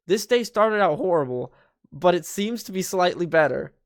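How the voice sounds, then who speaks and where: Give me a young man with a slightly high voice reading a story aloud with sarcastic, joking asides. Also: lively intonation, normal speed, dry recording, studio quality. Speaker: YouTuber.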